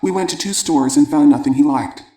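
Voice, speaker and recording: A man narrating an audiobook, reading letters aloud in a measured, even way. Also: on the high side. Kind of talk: scripted narration. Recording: roomy echo.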